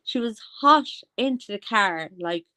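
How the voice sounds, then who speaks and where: A woman's voice: medium pitch, animated, a little slow, pushed and bright, clear, resonant tone. A woman with an Irish accent giving casual, rambling commentary and often losing her train of thought. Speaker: commentary vlogger.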